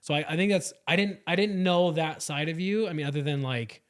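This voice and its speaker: A man's voice: a little high, fairly quick. Easygoing male podcast host. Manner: friendly, heavy use of "like" and "dude". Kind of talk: casual podcast chat.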